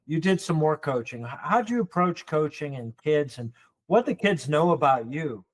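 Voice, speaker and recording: A man's voice: a little high, expressive, moderate pace. A man hosting a podcast, interviewing a guest with short replies and questions. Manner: brief backchannel replies, asks questions. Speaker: podcast host.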